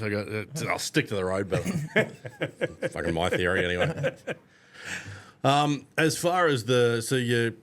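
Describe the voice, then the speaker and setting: A man's voice: mid-range voice, big pitch swings, unhurried, long pauses, fairly bright tone. A man hosting a podcast, laid-back and jokey, who swears and asks rambling questions full of "um" and "like". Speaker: podcast host. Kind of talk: casual podcast interview.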